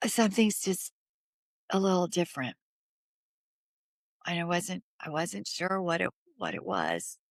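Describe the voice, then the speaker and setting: A middle-aged woman as an interview guest, telling a personal story in an earnest, halting way that drops to a whisper at its hardest points. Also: lowish voice, no echo, studio quality.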